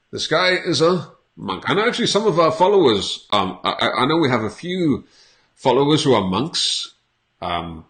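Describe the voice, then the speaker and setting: Lively, playful male English teacher. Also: medium pitch. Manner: playful, repeats words slowly for learners. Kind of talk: casual on-camera English lesson.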